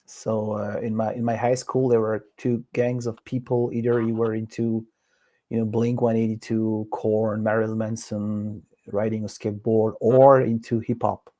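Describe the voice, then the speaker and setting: French-accented man with a mellow voice. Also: fairly low pitch, flat delivery, normal speed. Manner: hesitant, many fillers and restarts. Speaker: guest. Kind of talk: casual interview answers.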